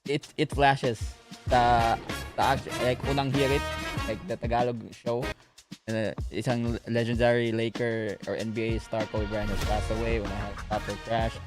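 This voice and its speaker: A man, co-hosting sports chat in a relaxed way, switching between English and Tagalog. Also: medium pitch, moderate pace, over music. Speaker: podcast co-host.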